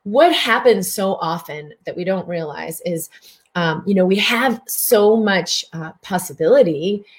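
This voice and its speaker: A woman's voice: on the low side, lively intonation, measured pace. Chatty woman physician hosting a livestream. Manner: warm, chatty, greets viewers by name. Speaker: physician hosting a live stream. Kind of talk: live-streamed wellness talk.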